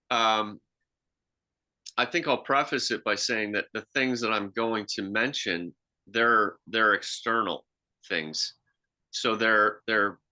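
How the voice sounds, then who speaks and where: A man's voice: on the low side, bright, forceful tone. A man co-hosting a podcast, telling reflective stories in casual chat with frequent restarts. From half Swiss. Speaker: podcast co-host.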